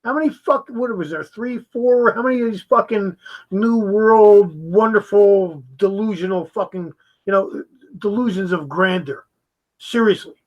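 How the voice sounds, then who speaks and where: A man's voice: high-pitched, unhurried, highs cut off. A man giving a heated, profane reaction commentary, mocking the video he is watching.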